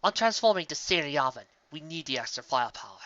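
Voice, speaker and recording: A man's voice: on the high side, sing-song, fast, sharp tone, no echo. A man voicing a decisive young woman warrior in a fan-fiction reading, speaking firmly and plainly. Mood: eager. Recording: dull lo-fi recording.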